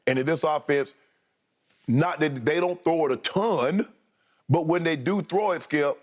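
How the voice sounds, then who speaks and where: A man's voice: mid-range voice, lively intonation, normal speed. A man co-hosting a sports debate show, talking in an emphatic, scolding way and repeating his points for effect.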